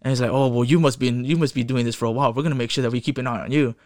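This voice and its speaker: Fast-talking man telling a street story. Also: mid-range voice, steady tone, a little mellow, no room sound, studio quality. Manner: profane, quotes people in voices, rambling restarts. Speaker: guest telling his story. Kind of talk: casual storytelling.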